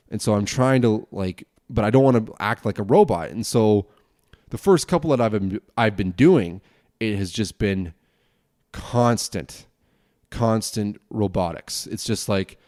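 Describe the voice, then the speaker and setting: A young man hosting a casual solo podcast, rambling quickly with lots of restarts and swearing. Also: lowish voice, a little mellow, dry recording, studio quality. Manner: fast rambling talk, frequent swearing and restarts. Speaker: podcast host and broadcasting student.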